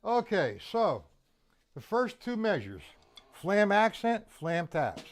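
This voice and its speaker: An older man leading a live online drum lesson, counting beats aloud slowly and patiently. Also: sits high, big pitch swings. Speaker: drum teacher.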